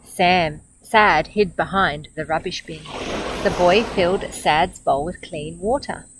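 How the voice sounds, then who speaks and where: A middle-aged woman with an Australian accent reading a picture book aloud, gently and expressively, pausing to comment on the story. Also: fairly low pitch. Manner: gentle, expressive, comments warmly between pages. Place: outdoors by a beach. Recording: outdoor ambient noise with insects.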